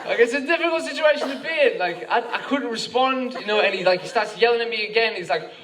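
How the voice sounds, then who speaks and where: A man's voice: very high-pitched, lively intonation, quick pace, a bit bright. A young Australian man doing a rambling stand-up comedy set, full of filler words, with bursts of frantic ranting. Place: comedy club stage with laughing audience. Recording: noisy live club recording from a distance.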